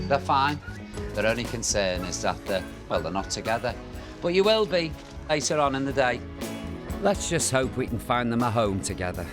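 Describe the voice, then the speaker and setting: A man's voice: on the low side, animated, normal speed, music in the background. An older man presenting and narrating, joking and cooing at dogs in a camp manner. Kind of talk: documentary narration and chat.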